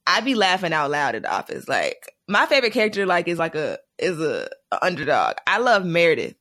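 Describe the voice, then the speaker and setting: A man hosting a casual podcast, an animated storyteller who laughs often. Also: on the high side, normal speed, no room sound, studio quality. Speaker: podcast host.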